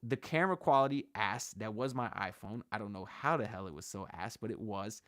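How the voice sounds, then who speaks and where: A man's voice: lowish voice, brisk, a bit bright, no room sound, clean studio sound. A man hosting a sports livestream, talking in a loose, slangy, hyped way and speaking to his chat. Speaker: host of a sports channel livestream. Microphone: shotgun mic on camera.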